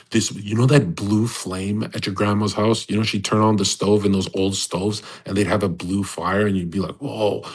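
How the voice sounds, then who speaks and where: A man talking in a profane, rambling monologue to listeners in a live audio room, swinging between loud bursts and low asides. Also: husky. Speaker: online personality hosting a live audio space. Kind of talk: casual monologue. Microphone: phone or desk mic in a live audio room.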